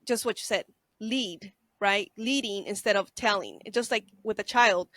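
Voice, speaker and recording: A woman's voice: mid-range voice, normal speed, fairly bright tone, no echo. A woman hosting a casual interview, chatty and affirming, often tagging her points with "right?" and "you know". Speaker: podcast host.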